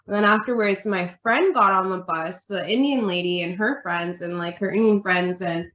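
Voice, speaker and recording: A woman guest on a podcast, telling a personal story in a chatty, animated way with lots of "like" fillers. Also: mid-range voice, moderate pace. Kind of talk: casual storytelling chat. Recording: roomy echo.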